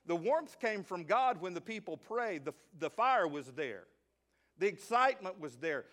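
With a high voice at a moderate pace, this Southern US man preaches an energetic sermon as pastor. He drops into quiet jokes and asides, then rises into shouted praise.

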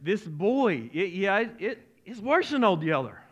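A pastor preaching in a folksy, animated way, stumbling over his words as he speaks. His voice sits a little high for a man. He leans into emotional storytelling. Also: measured pace, highs cut off. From Arkansas-Oklahoma region. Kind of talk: sermon.

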